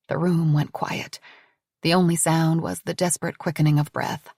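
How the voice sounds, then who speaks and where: A woman narrating a suspense novel in a measured storytelling manner. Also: low voice, little pitch movement, darkish tone, no echo, studio quality. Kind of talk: audiobook narration.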